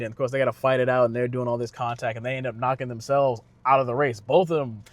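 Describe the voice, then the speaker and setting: A man's voice: medium pitch, fairly even intonation. A man giving a casual spoken movie review, loose and conversational with lots of fillers and restarts. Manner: slangy retelling with quick impressions of characters. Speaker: car channel vlogger reviewing a film.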